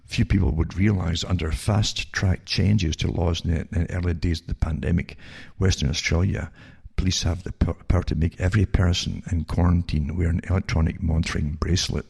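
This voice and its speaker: An older man with a Scottish accent reads out news stories in a sardonic tone and keeps cutting in with mocking asides. His voice sits very low and is thick with gravelly fry. It sounds rough and husky throughout. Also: steady tone, a little fast, few pauses, a little mellow. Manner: sardonic, asides like "eh?" and rhetorical questions. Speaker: radio talk show host. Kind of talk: reading news items aloud with sarcastic commentary.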